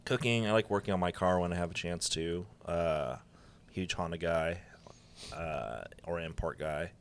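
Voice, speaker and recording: A man's voice: low-pitched, normal speed, a little hiss or hum. A man chatting casually on a podcast, joking and laughing between remarks. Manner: laughs often, apologetic asides. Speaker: podcast co-host. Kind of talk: casual chat.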